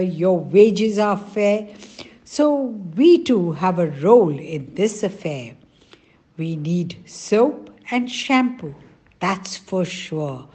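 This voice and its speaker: A woman's voice: fairly low pitch, mellow. A woman voicing earnest village elders. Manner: exclaiming, earnest. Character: village elders, alarmed then resolute. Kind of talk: storybook reading.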